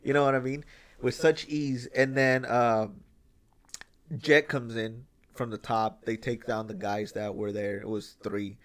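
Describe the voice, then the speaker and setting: A man hosting a podcast in casual chat, excitedly retelling a film scene, swearing freely and acting out the lines. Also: medium pitch, a little slow. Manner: excited storytelling, swears freely, acts out quotes. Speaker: podcast host.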